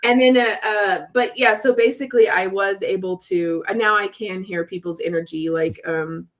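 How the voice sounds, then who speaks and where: A woman's voice: mid-range voice, moderate pace, slight background noise. A woman in her forties, a podcast guest, telling a story in casual talk and acting out the other people's voices as she goes. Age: 40s. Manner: animated, acts out quoted voices.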